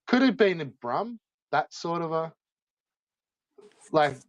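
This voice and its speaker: A man chatting casually, slangy and sweary, full of drawn-out fillers. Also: a little high, lively intonation, no room sound. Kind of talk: casual chat. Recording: dull dry sound.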